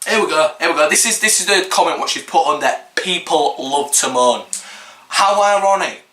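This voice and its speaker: Young Hull man, sarcastic ranting reaction vlogger, swears a lot; high, bright voice in an echoey room. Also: expressive, normal speed. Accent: Hull, East Yorkshire. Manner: exasperated, sarcastic, swears a lot, mocks with put-on quotes.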